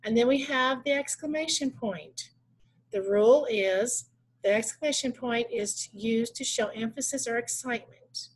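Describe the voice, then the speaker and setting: A woman teaching punctuation rules from slides, reading out examples slowly and correcting herself now and then. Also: fairly high pitch, slightly rough. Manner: reads examples slowly, with small restarts. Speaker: adult education teacher. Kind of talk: slide-based grammar lesson.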